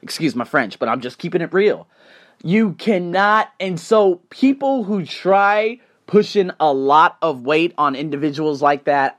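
Brief: male podcaster, a bit high-pitched, salty and animated. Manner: blunt, profane, animated storytelling. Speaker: podcast host. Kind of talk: solo podcast monologue.

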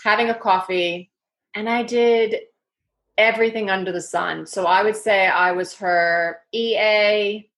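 A woman with a New York accent, chatty and energetic, telling her story as an interview guest in a rambling, casual way. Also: mid-range voice, measured pace.

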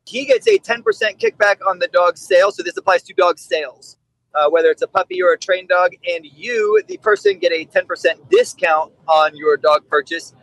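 A middle-aged dog trainer appears as a podcast guest, telling stories candidly and bluntly and acting out the quotes. His high, fairly bright voice comes through a rough recording with no echo.

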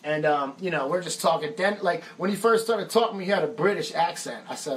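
A man's voice: a little high, animated, a little fast, few pauses, distant mic, a little hiss or hum, rough recording. Laid-back American man telling stories. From United States. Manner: laid-back and profane, says "man" often. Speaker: musician and songwriter hosting a live stream. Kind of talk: casual storytelling.

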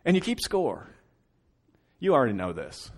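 A man pastor delivering a sermon, telling a story with dramatic swings between loud, pressing lines and hushed, quiet ones. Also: medium pitch, wildly swooping pitch, moderate pace.

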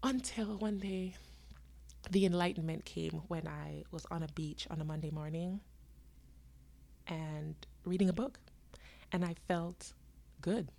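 A woman in her twenties telling her own story to her viewers, dramatic and animated, laughing often and acting out the people in it. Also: fairly low pitch, gravelly. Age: 20s. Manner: voices herself and others in quick asides. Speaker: vlogger. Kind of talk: storytelling to camera.

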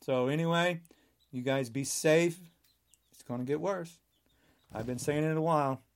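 A man's voice: a little high, normal speed. A man in his sixties delivering a heated, rambling podcast monologue, emphatic and full of restarts. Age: 60s. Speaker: podcast guest.

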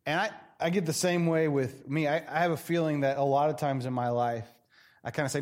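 High-voiced man preaching a lively sermon. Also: fairly quick. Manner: animated, acts out quoted voices. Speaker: pastor.

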